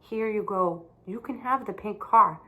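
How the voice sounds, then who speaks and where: A woman voicing a generous young boy, calm and gentle. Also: mid-range voice, measured pace. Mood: kind.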